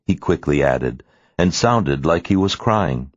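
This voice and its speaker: Male narrator, very deep voice, animated delivery, dry close studio, slightly dull sound. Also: slow, no echo. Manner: expressive storytelling. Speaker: audiobook narrator. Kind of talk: scripted narration.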